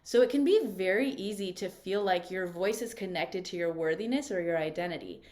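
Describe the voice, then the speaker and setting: A woman's voice: on the low side, fairly quick, a little mellow. A woman voice coach leading a live online workshop over a video call, talking in an encouraging, conversational way and often checking in with "right?".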